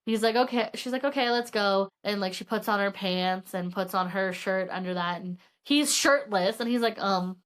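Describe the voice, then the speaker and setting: A woman's voice: mid-range voice, normal speed, hardly any pauses, a bit bright. A woman co-hosting a podcast, casually retelling a novel's plot, acting out characters' lines and using "like" a lot. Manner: swears casually. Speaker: podcast co-host. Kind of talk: casual book chat.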